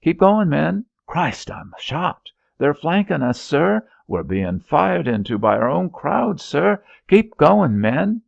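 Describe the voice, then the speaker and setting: A frantic cavalry officer barks orders over gunfire in a high, strained, gravelly shout, as a man reads him out. The voice is loud, raw and husky, and the recording is dry and a little dull. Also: very animated, extremely slow, hardly any pauses, dry recording, heavily acted. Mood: urgent shouting. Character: shouting male cavalry officer under fire.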